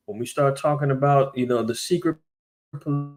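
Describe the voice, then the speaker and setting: A man's voice: medium pitch, a little fast, music in the background. A man giving a casual, blunt and profane commentary on current events.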